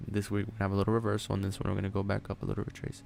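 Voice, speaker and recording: A man's voice: lowish voice, monotone, very fast, creaky, a little mellow, a little hiss or hum. A man hosting a live trading stream, chatting casually, rambling, joking and thinking aloud as he goes. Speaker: livestream trading host.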